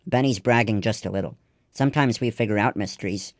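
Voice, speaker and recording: A man's voice: lowish voice, fast, no room sound, clean studio sound, lightly acted. A man reading the lines of a kind, thoughtful girl sleuth in a storybook. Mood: caring.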